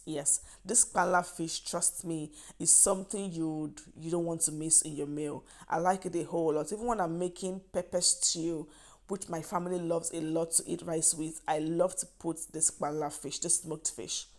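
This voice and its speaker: A woman with a Nigerian accent and a low-pitched, steady voice leads a cooking demonstration at a moderate pace. As a cooking vlogger, she chats encouragingly through the recipe, leaning on "yes" and "trust me" for emphasis.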